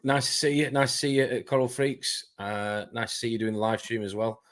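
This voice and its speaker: A man hosting a casual live stream, chatting quickly and greeting viewers by name. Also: mid-range voice. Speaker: host.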